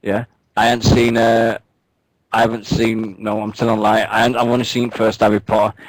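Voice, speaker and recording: A man's voice: lowish voice, little pitch movement, brisk, rough recording. A man co-hosting a wrestling radio show, bantering casually, joking and swearing as he rambles through stories.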